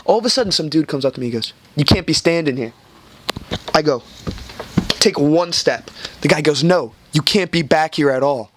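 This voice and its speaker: A man's voice: on the high side, moderate pace, slight background noise. A young man hosting a podcast, telling a rambling, profane story and acting out the people in it. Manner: rambling, swears a lot, acts out quoted people. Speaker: podcast host. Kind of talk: casual storytelling chat.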